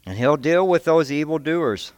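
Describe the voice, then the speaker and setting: Preaching in a church, a Texan man delivers a fiery sermon, his pitch and force climbing whenever he quotes God, and he often repeats words and restarts phrases as his points build. He speaks at normal speed with lively intonation and a darkish tone, and there's no room sound.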